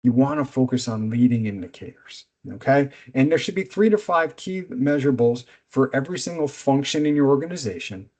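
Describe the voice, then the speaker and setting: Delivering a business seminar at a fairly quick clip with hardly any pauses, a middle-aged coach keeps a medium pitch. His manner is direct, energetic and instructive.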